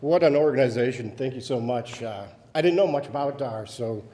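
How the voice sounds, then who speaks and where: A man's voice: mid-range voice, a little fast. A father giving an emotional, laughing speech at an awards ceremony. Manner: choked-up, laughing, effusive. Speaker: parent of an award winner. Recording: hall reverb with faint room noise.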